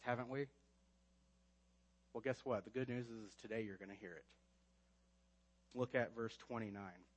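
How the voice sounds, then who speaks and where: A man preaching a sermon, emphatic, rising to loud stresses and dropping to quiet asides. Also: fairly high pitch. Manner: emphatic preaching with swings between loud and quiet, frequent restarts. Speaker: pastor.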